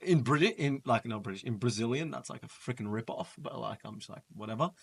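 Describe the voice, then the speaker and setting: Young bloke telling a travel story to mates, loose and animated, acts out bits of it. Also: male voice, medium pitch, brisk, creaky, husky. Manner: animated, laughing storyteller acting out voices. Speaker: guest. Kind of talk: casual storytelling chat. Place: indoors, holiday flat.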